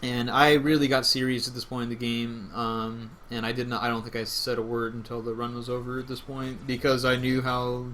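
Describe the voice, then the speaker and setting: Young male gamer, excitable run commentary, loose and rambling, faint hiss behind. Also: mid-range voice, fairly quick, hardly any pauses. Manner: rambling, self-correcting, excitable. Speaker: speedrunner commentating his own run. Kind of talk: casual gameplay commentary.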